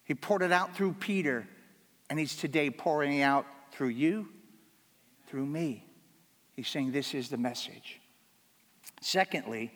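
A pastor giving a sermon, earnest and emphatic, repeating key phrases for weight. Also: male voice, fairly high pitch, measured pace, pauses often, fairly bright tone, in a large hall.

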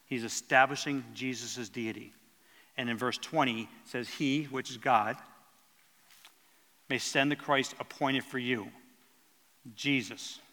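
A man's voice: medium pitch, steady tone, unhurried, pauses often, sharp tone, long reverb tail. A man preaching a sermon in an earnest teaching tone, stumbling and restarting as he explains the verses.

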